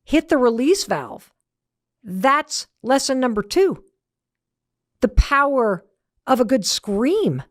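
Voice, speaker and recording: A woman's voice: high voice, big pitch swings, takes it slowly, long pauses, no room sound, studio quality. Emphatic woman telling a story. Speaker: host. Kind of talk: motivational talk.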